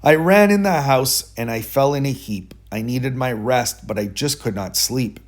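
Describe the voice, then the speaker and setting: A man's voice: medium pitch, normal speed. Man reading a rhyming story aloud. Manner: rhythmic, expressive storytelling.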